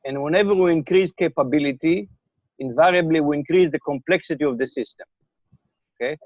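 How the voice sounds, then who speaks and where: An older man answers interview questions with slightly raised pitch, pausing to repeat words and check that he is followed. His voice comes over a remote call that sounds dry and a little dull. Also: darkish tone, no echo. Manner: thoughtful, repeats words, checks in with "okay?" and "right?". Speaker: interviewee, computer scientist.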